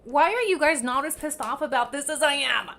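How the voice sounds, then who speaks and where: Young woman going off on her livestream, fired up and cussing, higher voice, bright sharp tone. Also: lively intonation, brisk, creaky. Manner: fiery, profane, emphatic, repeats herself. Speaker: livestream host. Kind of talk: heated commentary rant.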